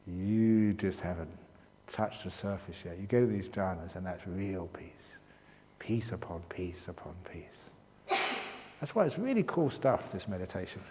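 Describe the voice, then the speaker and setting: A man's voice: fairly low pitch, mellow, slight background noise. A man giving a dharma talk at a meditation retreat as its teacher, in a playful, joking manner. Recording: long reverb of a hall.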